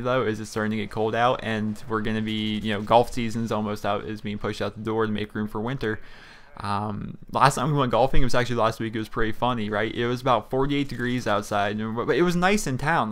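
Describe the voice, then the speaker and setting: A man's voice: lowish voice, fairly bright tone. Young man, gaming youtuber, casual rambling commentary, filler words, small home room. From Pennsylvania, US. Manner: rambling, chatty, frequent fillers. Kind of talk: casual commentary over gameplay.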